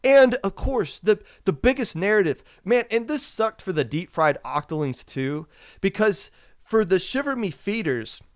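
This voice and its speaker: A man hosting a podcast, delivering an emphatic, impassioned rant and repeating his points, his voice going hoarse. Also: sits high, very animated, measured pace, no echo, clean studio sound. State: losing his voice. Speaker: podcast host. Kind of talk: opinionated esports podcast rant.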